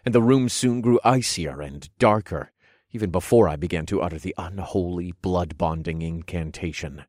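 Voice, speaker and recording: A man narrating a first-person erotic audio story in a low, measured way. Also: no room sound, studio quality.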